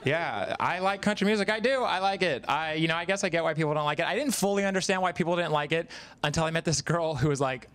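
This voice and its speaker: A man's voice: fairly high pitch, quick pace, a bit bright, clean tone. Rambling stand-up comedian, man. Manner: conversational, self-deprecating, frequent fillers. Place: live comedy stage, in front of an audience.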